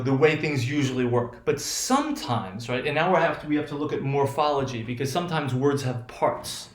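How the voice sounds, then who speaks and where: In a roomy-sounding classroom lecture, a medium-pitched man teaches phonetics as a linguistics lecturer. His delivery rambles, restarting often and constantly asking "right?".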